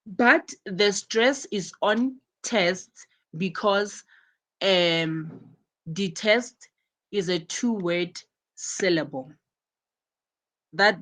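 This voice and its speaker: A woman's voice: medium pitch, pushed and bright. A woman teaching an English class to students, patiently explaining and repeating her examples step by step. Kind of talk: live online class instruction.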